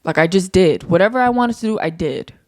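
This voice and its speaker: Her fairly low voice comes across animated and a little fast as she hosts her own podcast alone. She's a young woman chatting candidly and off the cuff, wandering between thoughts and swearing casually, all captured in a dry, clean studio recording.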